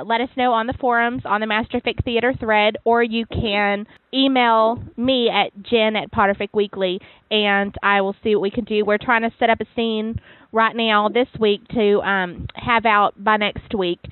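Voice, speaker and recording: A bubbly, giggly woman co-hosting a casual podcast, her voice sitting a little high. She sounds dry and close, squeezed into a narrow phone-like band. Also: dry recording. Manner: bubbly, giggly, chatty with filler words. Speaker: podcast co-host.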